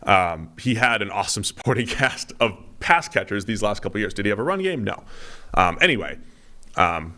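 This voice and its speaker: Guy cohosting a sports podcast, kinda low voice, rambles and does little noises. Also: sing-song, brisk, pushed and bright. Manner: rambling, mimics hesitant noises for effect. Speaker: podcast co-host. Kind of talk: casual sports podcast chat.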